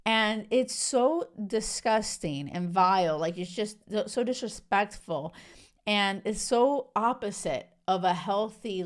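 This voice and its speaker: Young woman, podcast host, casual solo talk, emphatic, indignant, lots of fillers. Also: mid-range voice. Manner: outraged, emphatic, many "like" and "you know" fillers.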